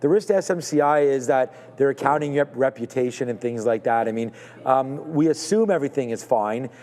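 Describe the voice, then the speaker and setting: A man's voice: medium pitch, fairly quick, a little mellow, in a large hall. A man co-hosting a live stock market show, talking through trades in a hedging, thinking-aloud way with many fillers.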